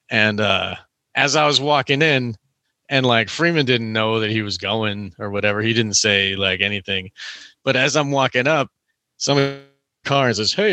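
A man's voice: lowish voice, bright, forceful tone, dry recording. A young man telling a long story in casual chat, rambling with lots of "like" and "you know".

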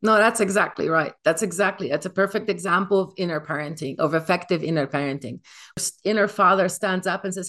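Low-voiced woman guest, emphatic. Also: brisk, a bit bright. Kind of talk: casual interview answer.

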